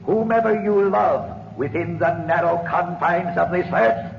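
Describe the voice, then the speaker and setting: A man's voice: high voice, unhurried, creaky. A man playing a supernatural voice of the storm, solemn and portentous, in an old radio drama. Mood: ominous. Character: booming supernatural voice of the tempest, ancient and ominous. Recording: muffled vintage radio recording with hiss.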